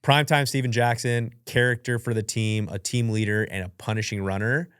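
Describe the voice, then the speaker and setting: A man's voice: medium pitch, steady tone, fairly quick, fairly bright tone, clean tone, no room sound. A young man hosting a podcast, telling stories and answering questions in a chatty, self-mocking way, acting out his own reactions. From United States. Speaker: podcast host. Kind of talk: casual storytelling and Q&A. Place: professional studio. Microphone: studio mic. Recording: dry.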